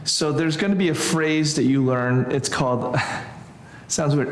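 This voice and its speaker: A man teaching a relaxed church Greek class, thinking aloud with many fillers and restarts. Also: on the high side, measured pace, echoey room, a little hiss or hum. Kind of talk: informal church class lesson.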